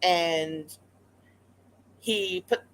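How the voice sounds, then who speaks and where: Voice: mid-range voice, extremely slow, a bit bright, low-quality recording. A pet rat vlogger telling a story casually to the camera, rambling with lots of fillers and restarts. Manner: chatty and conversational.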